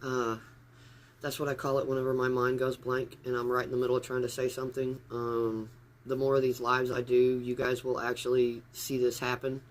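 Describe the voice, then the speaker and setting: A man talks briskly in a medium-pitched monotone during a casual phone livestream from an upstairs room at home. He rambles and is easily pulled off topic.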